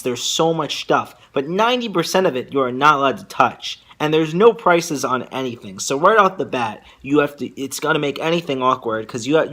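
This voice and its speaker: Young man rambling through a vlog story. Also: mid-range voice. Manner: rambling, filler-heavy, animated storytelling. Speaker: vlogger.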